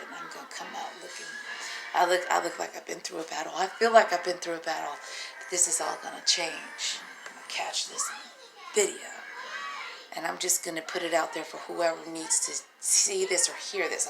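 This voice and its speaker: Tired, gravelly single mom venting. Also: female voice, on the low side. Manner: profane, emotional, rambling, laughing to herself. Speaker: single mother vlogger. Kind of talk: raw unscripted vlog monologue.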